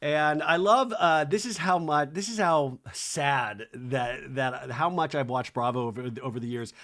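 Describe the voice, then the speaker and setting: A man's voice: a little high, a little slow. A man hosting a podcast, riffing comedically on a reality-TV episode with lots of impressions and "like". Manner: animated, jokey, full of impressions and "like". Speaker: podcast host. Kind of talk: comedic TV recap monologue.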